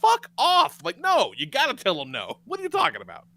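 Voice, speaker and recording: A man hosting a podcast, telling profane, animated stories in casual chat and laughing often. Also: high voice, fast talker, no echo. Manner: profane, animated storyteller who laughs a lot. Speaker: podcast host.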